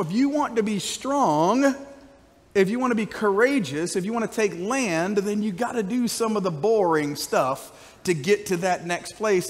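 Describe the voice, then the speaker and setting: A man delivering a church sermon with energetic, conversational preaching and frequent call-outs. His voice sits high for a man. The sound rings with the long reverb of a church sanctuary. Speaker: pastor.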